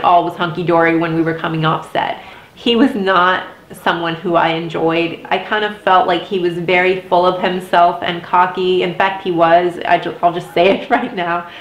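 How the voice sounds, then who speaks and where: Candid young woman in a roomy room. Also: lowish voice. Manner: candid, emotional, heavy use of "like". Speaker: vlogger. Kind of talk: casual storytime. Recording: roomy echo.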